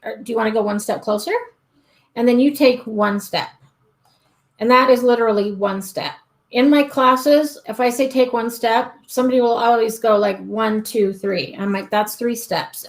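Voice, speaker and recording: A woman's voice: fairly high pitch, poor audio. A woman dog trainer answering viewer questions on a live stream, chatty and full of ums, acting out what a dog thinks. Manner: chatty, many ums and restarts, acts out the dog's thoughts. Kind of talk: live-stream Q&A, casual explaining. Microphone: webcam or desk mic on a live stream.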